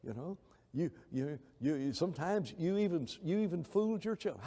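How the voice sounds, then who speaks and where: A man's voice: fairly high pitch, expressive, brisk, warm tone. A man teaching a Bible class in a conversational, rambling way, telling anecdotes and acting out quoted voices. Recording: long reverb of a church hall.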